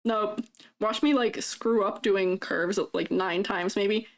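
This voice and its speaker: A woman with a medium-pitched, fairly even voice speaks slowly while streaming herself drawing, with faint music in the background. She's reviewing avatar designs and chatting casually, laughing often and reading viewer comments aloud in a playful, teasing way.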